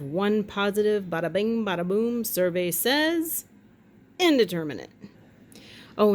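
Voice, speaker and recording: A woman's voice: medium pitch, a little mellow, slight background noise. A woman vlogger in casual chat, rambling from one tangent to the next with wry jokes and the odd swear word.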